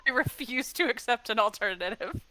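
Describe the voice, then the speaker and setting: A woman's voice: a little high, expressive, brisk, pushed and bright. A woman playing a tabletop game, chatty and describing her character's actions. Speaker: player. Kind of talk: casual tabletop role-play.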